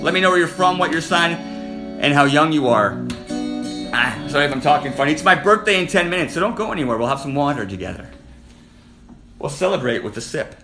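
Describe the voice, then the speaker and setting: A man's voice: fairly high pitch, expressive, a little fast, bright, forceful tone. A man hosting a casual live stream, flirting with and teasing viewers as he reads their comments, with guitar music behind him. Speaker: livestream host. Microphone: phone.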